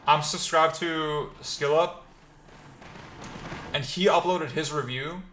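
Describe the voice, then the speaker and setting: A male streamer chatting casually while gaming, rambling with fillers and excited outbursts. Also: a little high, takes it slowly. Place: new apartment. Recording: roomy, noisy.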